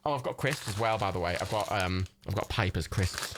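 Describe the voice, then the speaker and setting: A man's voice: fairly quick, noisy background. A man hosting a livestream, chatting casually with viewers into a microphone while they watch a movie together. He swears freely and breaks into frequent laughter. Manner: swears freely, laughs often, wildly swinging pitch. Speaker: livestream host.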